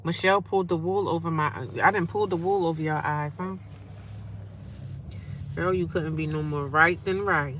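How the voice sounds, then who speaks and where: Woman vlogger, playful and teasing, bright tone. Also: on the low side, normal speed, slight background noise. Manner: sassy, playful, calls viewers girl and sis. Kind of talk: casual livestream chat with commenters. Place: homeless shelter.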